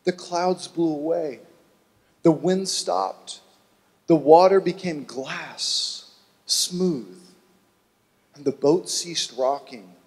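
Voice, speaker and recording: Male pastor, animated storytelling, slightly high voice, reverberant church. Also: drawn-out words, pauses often, husky. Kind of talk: sermon.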